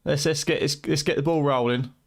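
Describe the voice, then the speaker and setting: A man's voice: a little high, fairly even intonation, fairly quick. Tired, joking British man streaming late. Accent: British English. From United Kingdom. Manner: banterous, swearing, teasing chat viewers. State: tired, voice going. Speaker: game streamer. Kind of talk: late-night live stream chat.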